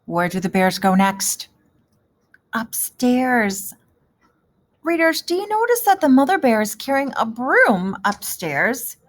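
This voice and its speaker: A woman teaching a kindergarten reading lesson, gentle and encouraging, who asks the children questions and then answers them. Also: fairly high pitch, big pitch swings, takes it slowly.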